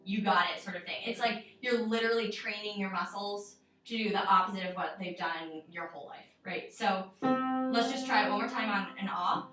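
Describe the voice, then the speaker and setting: A young voice teacher gives a one-on-one singing lesson over music, explaining things casually and chattily with lots of fillers. Her medium-pitched voice moves at a moderate pace, picked up by a far-off mic in an echoey room.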